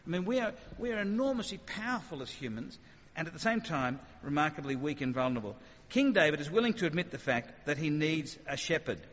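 A man's voice: fairly high pitch, a little fast. Man preaching in a reverberant hall. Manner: conversational, animated, rhetorical questions. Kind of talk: sermon. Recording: dull sound with long hall reverb.

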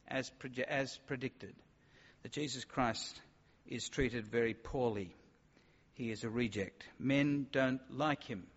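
A man preaching a sermon, emphatic, sometimes acting out the voices of doubters. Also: medium pitch. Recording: dull sound with long hall reverb.

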